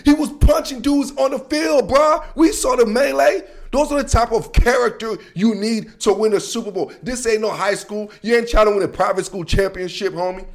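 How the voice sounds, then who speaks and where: A man with a notably high voice rants about his team as the host of his own show. His delivery is loose and full of slang, emphatic, and now and then he breaks into shouting. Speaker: sports commentary host. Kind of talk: casual sports rant.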